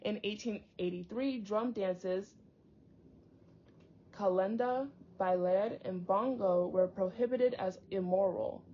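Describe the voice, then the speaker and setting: A woman's voice: medium pitch, takes it slowly. A young woman reading a book aloud, stumbling over hard words and breaking off into chatty tangents. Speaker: book reader and commentator. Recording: dull lo-fi audio.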